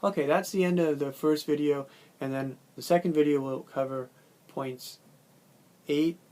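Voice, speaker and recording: Flat-voiced Californian man lecturing. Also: on the high side, normal speed. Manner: relaxed, loose delivery with frequent fillers and self-corrections. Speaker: language teacher. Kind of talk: recorded video lecture.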